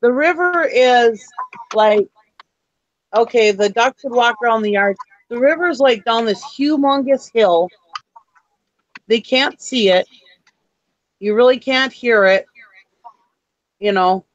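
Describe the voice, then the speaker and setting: A woman's voice: a little high, takes it slowly, long pauses. A woman telling stories in a casual chat on a reseller talk show, laughing often as she talks. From grew up in a city. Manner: chatty storyteller, laughs often. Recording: dull lo-fi audio.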